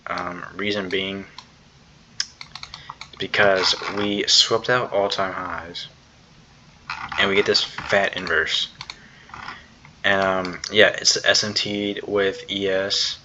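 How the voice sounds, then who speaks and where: Speaking slowly with long pauses, a young day trader recaps his trading day at his computer in a casual, rambling way, leaning on fillers and slang. His voice is low and his tone level. The screen-recorded clip sounds slightly dull, with a faint hum of background noise.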